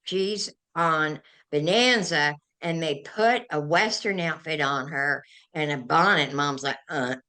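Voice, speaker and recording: An older woman, a guest on a talk show, telling animated and emotional stories. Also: deep voice, takes it slowly. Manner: animated, emotional storyteller who gets carried away. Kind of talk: anecdotal storytelling in a chat.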